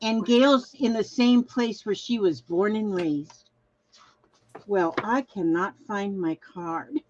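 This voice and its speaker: A woman's voice: medium pitch, a little mellow, muffled recording, slight background noise. An older woman from Minnesota chatting casually as a craft livestream host, reading viewer comments aloud and trailing off mid-sentence.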